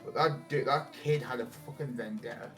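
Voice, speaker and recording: A man's voice: mid-range voice, moderate pace, fairly bright tone, soft background music. A young man chatting casually on a stream, rambling through stories and swearing often. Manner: rambling, swears a lot, laughs at his own stories.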